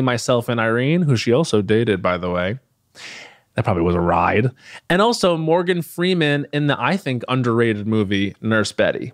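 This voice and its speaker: Man, podcast host, medium pitch, dry close mic, cheeky scripted intro. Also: no echo. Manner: playful, gossipy, jokey asides.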